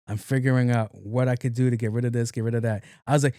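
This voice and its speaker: A man's voice: medium pitch, fairly even intonation, quick pace, mellow, no echo, clean studio sound. A man in his late thirties, a podcast host, telling a comedic story alone, acting out both sides of the conversation, laughing and swearing casually. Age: 30s.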